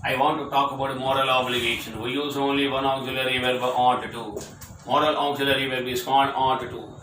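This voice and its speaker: Recorded from afar in an echoey room, a man gives an English grammar lecture, emphatically repeating short example sentences as drills. His voice is medium in pitch, level and sharp, moving a little fast. A faint hiss or hum sits under the recording.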